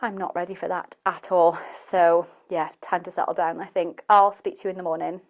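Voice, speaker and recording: A woman's voice: lowish voice, flat delivery, fairly quick. Chatty woman vlogging. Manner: chatty, rambling, self-deprecating. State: out of breath after cardio. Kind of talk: casual vlog to camera.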